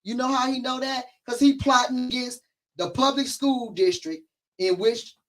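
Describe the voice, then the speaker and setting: A woman co-hosting a casual community podcast, talking in an animated, mocking way. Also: high-pitched, moderate pace. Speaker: podcast co-host.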